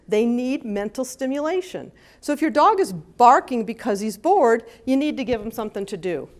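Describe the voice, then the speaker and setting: A woman gives a talk at a conference in a slightly high voice. She speaks with lively energy and now and then jumps into high, playful voices for dogs and their owners. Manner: lively, acts out dogs' and owners' voices with big pitch jumps. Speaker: animal behavior consultant. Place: conference hall.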